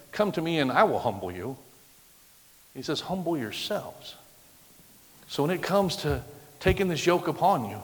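A middle-aged man preaching a sermon with a loud, projecting voice, acting out the voices of the people he quotes. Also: on the high side. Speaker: pastor. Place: church sanctuary. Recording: long hall reverb.

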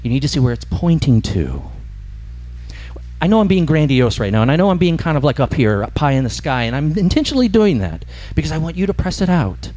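Male pastor giving a sermon, really lively, swoopy voice, emphatic. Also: fairly high pitch, a little fast. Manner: animated storytelling, emphatic.

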